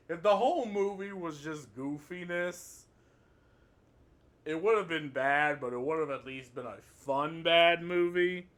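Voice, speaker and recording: A man's voice: on the high side, a bit bright. A man giving a casual, rambling movie review, swearing often and laughing at the plot.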